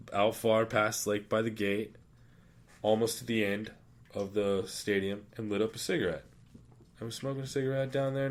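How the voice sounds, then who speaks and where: A man hosting a podcast, telling rambling, profane stories in casual chat in a studio. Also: on the low side. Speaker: podcast host.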